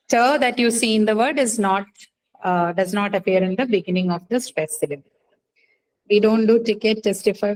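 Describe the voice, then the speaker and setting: A woman's voice: medium pitch, low-quality recording. Woman teacher, patient quizzing tone, lots of fillers, faint background hiss. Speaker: English phonetics teacher. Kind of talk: online class lecture.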